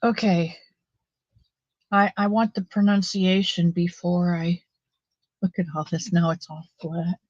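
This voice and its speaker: A woman's voice: fairly low pitch, little pitch movement, measured pace, long pauses, a little mellow, no echo. A woman hosting a casual livestream, rambling and chatty with many fillers and greeting viewers by name, on a built-in mic with dull lo-fi audio. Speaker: livestream host.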